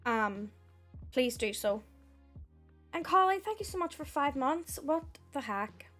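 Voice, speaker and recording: Young Northern Irish woman, high voice, friendly live-stream chatter; faint music under her. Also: very animated, measured pace, a bit bright. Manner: chatty, thanks viewers by name, says "heck". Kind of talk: casual live-stream chat.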